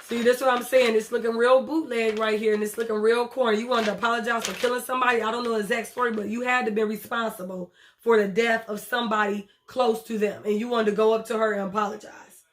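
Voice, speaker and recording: A woman, recapping a TV episode in a casual, blunt, profane way with animated retelling and acted quotes. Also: a little high, fast talker. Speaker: TV show reviewer.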